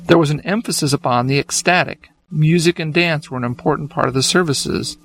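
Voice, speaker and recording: A man co-hosting a religious discussion, explaining in a steady way. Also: a little high, a little fast. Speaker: co-host.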